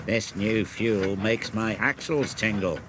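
A man voicing a sly, sneering male diesel engine in a children's cartoon, with a slow, oily drawl. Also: on the low side, noisy background.

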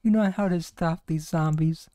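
A man's voice: on the high side, normal speed, mellow, clear, resonant tone, dry recording, close to an everyday voice. A man voicing an earnest, theatrical young woman detective's sidekick, reading game cutscene dialogue aloud with some stumbles.

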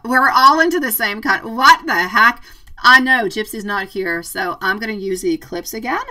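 A woman's voice: medium pitch, a little slow, pushed and bright, recorded from a distance, low-quality recording. A woman doing a live tarot stream, chatting affectionately with viewers, calling them sweetie and laughing often. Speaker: tarot reader. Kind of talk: live-stream chat reading viewer comments.

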